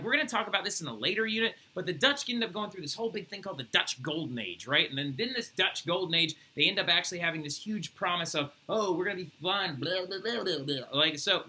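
A young man teaching a recorded history lecture, animated and easily worked up, who keeps checking in with his students by asking "right?". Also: high voice. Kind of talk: recorded flipped-classroom lecture.

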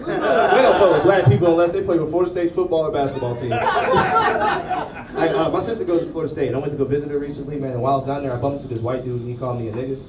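A man's voice: on the high side, racing. Profane male comic in a noisy club. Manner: profane, laid-back storytelling. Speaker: stand-up comedian. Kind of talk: stand-up comedy set. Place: comedy club stage. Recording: echoey club, distant mic, loud crowd.

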